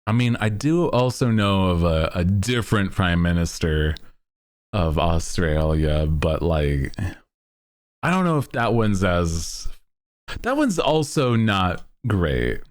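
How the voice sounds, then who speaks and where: A man's voice: deep voice, expressive, slow. A man streaming, chatting casually to his chat in a laid-back, rambling way with lots of fillers. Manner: bursts into loud laughter.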